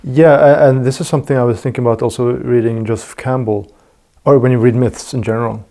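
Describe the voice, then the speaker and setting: A man hosting a podcast in a loose, conversational way, working out his thoughts aloud with many restarts. His voice has a gravelly, creaky edge and a dark, mellow tone, sitting at an ordinary pitch for a man. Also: steady tone, fast. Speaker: podcast host. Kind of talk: casual conversational interview.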